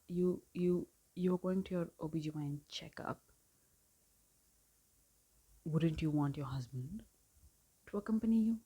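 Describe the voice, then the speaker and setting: A woman's voice: on the low side, mellow, breathy edge. A woman casually ranting in a book review vlog, exasperated, with laughing asides and whispered remarks. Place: home filming setup.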